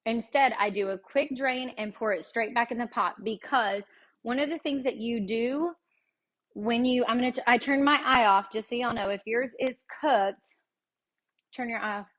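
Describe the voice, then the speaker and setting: Woman, home-kitchen cooking host, slightly high voice, folksy and chatty, laughs easily. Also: moderate pace, a bit bright. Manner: chatty and folksy, often laughing, addressing viewers directly. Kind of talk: casual live cooking demonstration.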